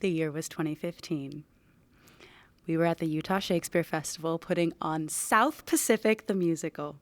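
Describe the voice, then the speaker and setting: Young woman, actor, lower voice, dry close sound, lively anecdote, laughs often. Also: moderate pace, dry recording. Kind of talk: casual anecdote to camera.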